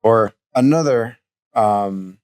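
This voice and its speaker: A man co-hosting a podcast, giving a candid fight recap in a measured way with frequent hesitations. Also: on the low side, darkish tone, smooth. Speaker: podcast co-host. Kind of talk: casual fight recap chat.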